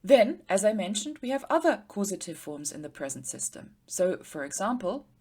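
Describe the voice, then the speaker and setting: A woman teacher giving an explanatory grammar lecture, patiently slowing down to spell out word forms. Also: medium pitch, very animated, warm tone, breathy edge. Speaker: Sanskrit teacher.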